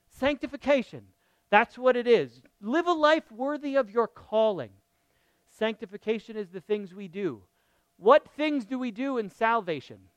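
A middle-aged man preaching a lively, conversational sermon, often asking his listeners questions. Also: sits high, unhurried, clear, resonant tone, no echo, lo-fi sound. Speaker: pastor.

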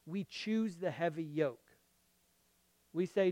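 Male pastor, casual sermon delivery, smooth resonant voice, loud punches and hushed asides, checks in with listeners. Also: high-pitched, expressive, unhurried, no echo. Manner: swings from loud emphatic lines to quiet murmured asides; checks in with the audience, asking okay and right. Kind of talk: conversational sermon.

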